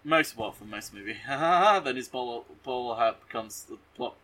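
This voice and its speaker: A man's voice: mid-range voice, brisk, a crowd in the background. A man co-hosting a podcast who recaps a movie in a rambling, jokey way, full of ums and restarts. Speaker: podcast co-host. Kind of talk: casual comedic movie recap.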